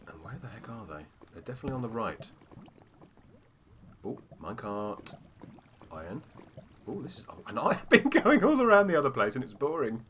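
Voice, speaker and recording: A man chats through a game session in casual let's-play commentary, his pitch rising and falling a lot. He keeps up a string of "oh dear" asides. Steady background noise hangs over the home recording. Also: normal speed, long pauses. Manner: chatty, given to "oh dear" asides. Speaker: gamer.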